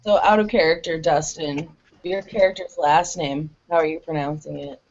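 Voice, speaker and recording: A woman's voice: sits low, steady tone, moderate pace, gravelly, a little mellow. Upbeat woman tabletop player. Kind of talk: tabletop game chat. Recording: dull lo-fi recording.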